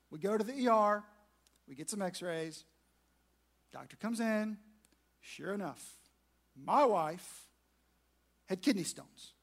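A man's voice: high-pitched, lively intonation, slow pace, creaky, long pauses. A man, preaching a sermon to a large room through a self-mocking personal story. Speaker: pastor.

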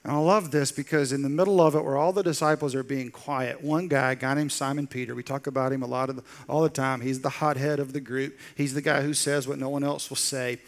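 A man preaching a sermon as pastor, telling the story with lively acted-out quotes and dropping into soft, intense lines. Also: medium pitch, a little fast, few pauses.

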